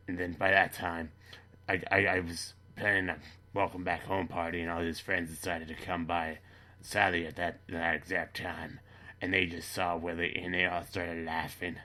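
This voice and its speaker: A man delivering a rambling, matter-of-fact comedy monologue with halting restarts. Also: low voice, bright, forceful tone. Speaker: comedy character monologue host. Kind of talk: deadpan dark comedy monologue.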